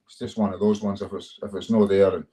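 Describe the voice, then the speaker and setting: A man's voice: lowish voice, little pitch movement, fast talker, warm tone. A man with a Scottish accent, an MMA fighter telling stories in a casual interview, swearing freely and chuckling as he goes. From Scotland. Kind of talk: casual storytelling chat.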